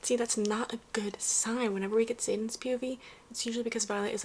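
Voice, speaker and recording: A woman's voice: a little high, steady tone, fast talker, noisy background. Chatty young woman book vlogger. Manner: chatty, filler-heavy, often drops to a whisper while reading. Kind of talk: casual reading vlog commentary.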